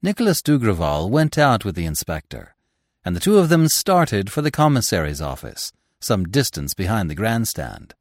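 A man narrating a classic story for an audiobook podcast, in an expressive, theatrical way. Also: lowish voice, moderate pace, no room sound, studio quality. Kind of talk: dramatic audiobook reading.

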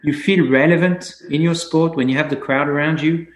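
A man, a racing driver guest on a casual interview podcast, talking enthusiastically with halting restarts. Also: on the high side, steady tone. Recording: echoey room.

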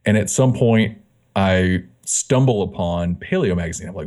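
A man's voice: deep voice, moderate pace. A man, a fitness magazine editor, telling his story as a guest in a casual interview, acting out the dialogue he quotes. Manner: animated, acts out quoted dialogue.

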